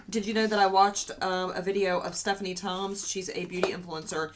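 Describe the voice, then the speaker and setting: A woman's voice: mid-range voice, flat delivery, normal speed, noisy background. A middle-aged woman chatting casually with her daughter while doing makeup, teasing and laughing often. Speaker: beauty vlogger, mother. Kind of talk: casual chat.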